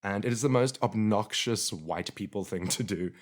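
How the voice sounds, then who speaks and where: A man's voice: on the low side, normal speed. A man co-hosting a podcast, chatting casually and joking with frequent laughs. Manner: animated, joking, laughs often. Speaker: podcast co-host.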